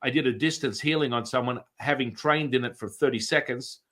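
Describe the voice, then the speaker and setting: A man telling a lively story as a podcast guest, talking casually, swearing, repeating words and restarting sentences often. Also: mid-range voice, brisk.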